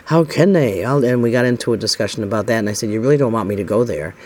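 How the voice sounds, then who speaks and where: A middle-aged American man with a lowish voice tells a personal story at a racing pace, his tone steady. He rambles casually, acting out the dialogue with plenty of "I said" and "he says."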